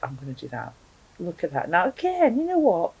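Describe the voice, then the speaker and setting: A woman's voice: on the low side, huge pitch swings, brisk, gravelly, darkish tone, husky, dry recording, rough recording. A woman reviewing hot sauces to camera at home, chatting casually and thinking aloud with frequent ums. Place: home, indoors with a cat.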